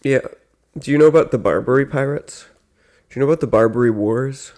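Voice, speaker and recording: A man co-hosting a casual comedy podcast, telling stories with dry, deadpan jokes. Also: medium pitch, brisk.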